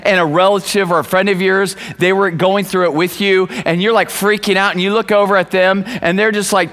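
A high, bright male voice preaching with animated energy, acting out little scenes as he goes. His words ring out through a church hall with a long reverb tail. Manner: animated, acts out quoted voices. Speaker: pastor. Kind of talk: sermon.

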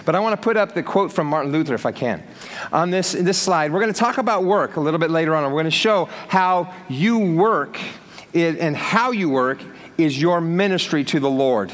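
Male pastor, slightly high voice, casual lively sermon delivery, long hall reverb. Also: a little fast. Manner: lively, conversational preaching with acted-out quotes.

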